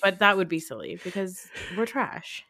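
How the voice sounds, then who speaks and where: A woman's voice: medium pitch, lively intonation, moderate pace, bright, forceful tone, no echo, studio quality. A woman in her thirties with a New Jersey accent, hosting a podcast in casual, rambling chat full of fillers. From United States. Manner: rambling, chatty, many fillers. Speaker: podcast host.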